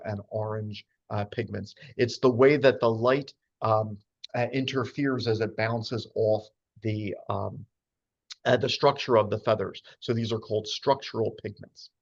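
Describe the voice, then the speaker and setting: A man's voice: on the low side, moderate pace. Chatty man giving a bird slide talk. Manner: chatty, many fillers and asides. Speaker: birding lecturer. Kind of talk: casual slide talk on birds. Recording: dull lo-fi sound.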